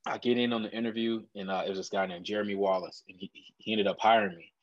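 A man, a guest in an interview, earnestly telling a personal story in an animated conversational way. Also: on the low side, quick pace, no room sound, muffled recording.

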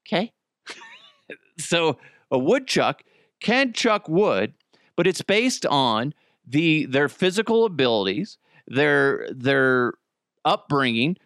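A man's voice: on the high side, sing-song, slow pace, a bit bright, dry recording, studio quality. A man hosting a solo comedy podcast, rambling and self-deprecating, with frequent swearing. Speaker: podcast host.

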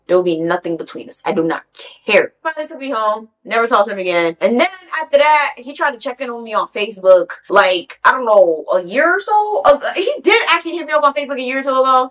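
Young woman vlogging a storytime rant, fairly high voice, blunt and cussing a lot, jumps into voices for the people in the story. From Haitian. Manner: blunt, profane, animated storytelling with quoted voices.

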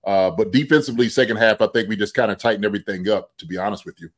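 A man co-hosting a football podcast, talking casually and acting out other people's words with sudden excitement. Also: lowish voice, rapid-fire. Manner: animated, acts out quotes in raised voice. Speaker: podcast co-host, football analyst. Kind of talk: casual sports chat.

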